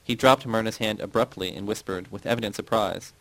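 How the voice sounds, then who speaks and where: A man narrating a novel in a measured reading voice, giving the characters' quotes a light touch. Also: fairly low pitch, fairly bright tone, no echo, poor audio. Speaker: audiobook narrator. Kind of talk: scripted narration.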